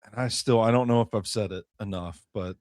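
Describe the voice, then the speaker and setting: A man's voice: fairly low pitch, fairly quick, a little mellow, dry recording, clean studio sound. A man co-hosting a casual movie podcast, playful and laughing often. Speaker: podcast co-host. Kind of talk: casual chat.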